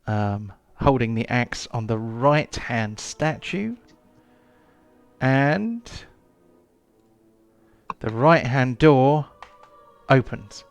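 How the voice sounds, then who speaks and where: Guy running a tabletop game, slow and smooth, lots of ums, faint music under it. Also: medium pitch, expressive. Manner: hesitant, lots of ums and restarts. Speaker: game master.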